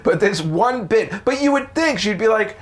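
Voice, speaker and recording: A man from the United States, a comedian telling stories in a casual interview, animated and profane. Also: moderate pace. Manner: animated, profane, jumps into high voices for quotes. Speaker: comedian guest.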